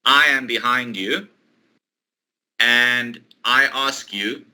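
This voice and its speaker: A man teaching English one-to-one, explaining a role-play exercise patiently, step by step, with pauses. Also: mid-range voice, sharp tone, poor audio. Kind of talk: online one-to-one English lesson.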